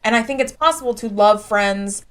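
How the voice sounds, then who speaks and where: A woman's voice: on the high side, normal speed, fairly bright tone, clear, resonant tone. A young adult woman co-hosting a podcast, chatting casually and filling her speech with "like". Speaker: podcast co-host. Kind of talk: casual chat.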